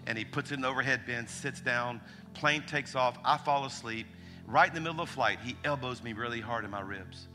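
A man's voice: medium pitch, brisk, soft background music. A man, preaching a sermon as a pastor, telling stories animatedly and acting out the voices in them. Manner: animated, acts out quotes, frequent restarts. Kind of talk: sermon storytelling.

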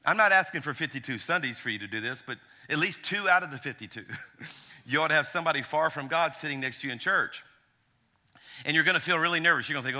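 A man in his forties, a pastor preaching a sermon from Alabama, telling stories with humor and animated asides. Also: a little high, fast talker. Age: 40s.

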